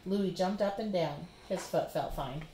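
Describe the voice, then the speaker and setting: A woman reading a children's picture book aloud with expressive storybook narration, recorded in a roomy space. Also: lowish voice, measured pace, slight background noise.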